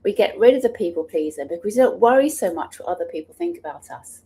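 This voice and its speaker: A woman's voice: fairly low pitch, expressive, fast, dark tone, breathy edge. Earnest woman sharing personal stories. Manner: earnest, passionate, with frequent restarts. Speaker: author and speaker. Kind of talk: personal storytelling talk.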